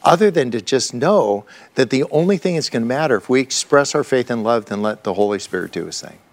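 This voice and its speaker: A man's voice: medium pitch, expressive, a little fast. A middle-aged man, a lawyer, telling stories as an interview guest, exuberant and laughing often. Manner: laughs often, exuberant and enthusiastic, with many restarts. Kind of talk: animated storytelling in conversation.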